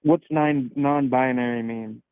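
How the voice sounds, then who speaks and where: A man's voice: mid-range voice, fairly even intonation, measured pace, smooth, no echo. A man calling in to argue, blunt and scoffing, talking over the other speaker. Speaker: caller. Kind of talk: casual debate. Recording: tinny phone-like call line.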